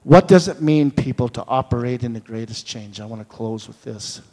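A man's voice: mid-range voice, animated, moderate pace, warm tone. A man preaching a sermon, telling stories with acted-out dialogue and building to fervent proclamation. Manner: storytelling, acts out dialogue, rises to fervent proclaiming. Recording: long hall reverb.

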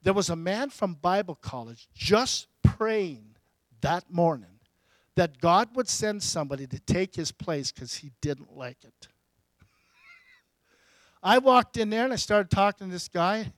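A pastor preaching a storytelling sermon, his delivery swinging between loud bursts and hushed asides. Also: high-pitched, expressive, slow, no room sound.

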